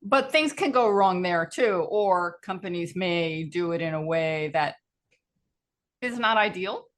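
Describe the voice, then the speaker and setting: Low-voiced woman radio host. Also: lively intonation, measured pace. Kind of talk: radio interview hosting.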